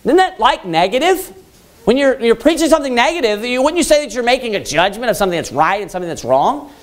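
A man preaching a Baptist sermon, asking rhetorical questions and slowing down to read scripture. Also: very high voice, very animated. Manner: emphatic, rhetorical questions, slows down for scripture quotes.

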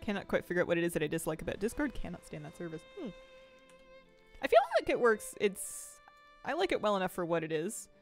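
A young woman chats through a live game stream, rambling loosely and laughing often. Her voice swings widely up and down in pitch, and faint music plays underneath. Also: expressive, quick pace. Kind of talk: casual live-stream chat while gaming.

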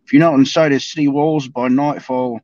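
A man voicing a gruff army sergeant with a put-on accent, read over a call. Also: mid-range voice, fairly even intonation, a little fast, a little mellow, dry recording, muffled recording, close to an everyday voice. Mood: warning. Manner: reads the figure's lines aloud in a put-on accent.

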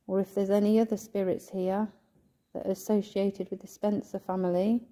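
A woman ghost hunting in a church, softly pleading and coaxing as she calls out to a spirit, at times emotional. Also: medium pitch, little pitch movement, normal speed. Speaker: ghost hunter vlogger. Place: inside a church.

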